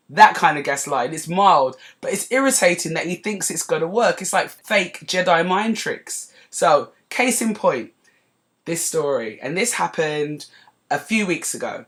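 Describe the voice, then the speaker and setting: A woman's voice: on the low side, a little slow. Chatty woman telling a story. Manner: chatty, digressive, animated when retelling. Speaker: podcast host. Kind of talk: casual storytelling monologue.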